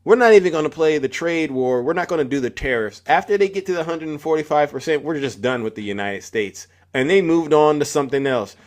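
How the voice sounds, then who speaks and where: Male stream host, lightly high voice, casual and animated call-in chat. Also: fairly quick. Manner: animated, calls out to listeners by name.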